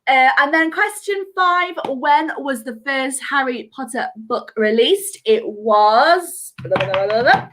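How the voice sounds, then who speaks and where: A woman's voice: sits high, lively intonation, slow pace, a bit bright. A woman hosting a live online quiz from home, chatty and giggly, reading out answers in a sing-song lilt over a video call mic. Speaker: quiz host.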